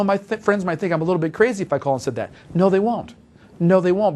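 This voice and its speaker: A man's voice: a little high, a little mellow. A man giving an instructional talk as a sales trainer, coaching in an emphatic, repetitive way.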